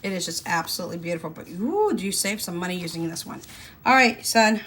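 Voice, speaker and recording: A woman's voice: lowish voice, expressive, fast, a bit bright, slight background noise. A woman, chatting casually and folksily to her viewers while stuffing cash envelopes. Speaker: budgeting vlogger. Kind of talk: casual chat to camera.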